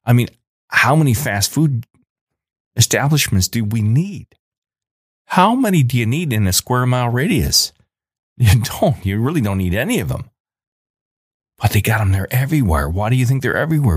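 A man's voice: mid-range voice, big pitch swings, normal speed, breathy edge, no echo, studio quality. A man in his forties delivering an angry, emphatic ranting monologue as a podcast host.

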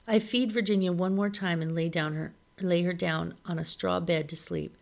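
A woman reading a novel aloud in a steady, measured storytelling manner. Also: lowish voice, vocal fry. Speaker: reader of a novel.

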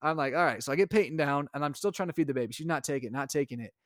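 A young adult man, a podcast co-host and father, telling a story in casual chat and acting out his own lines with animated energy. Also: fairly high pitch, very fast, no echo, clean studio sound.

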